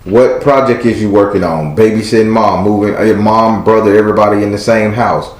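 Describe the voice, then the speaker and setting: A man's voice: on the low side, fairly even intonation, a little fast, echoey room. A man giving a live tarot reading as host, blunt, preachy and emphatic.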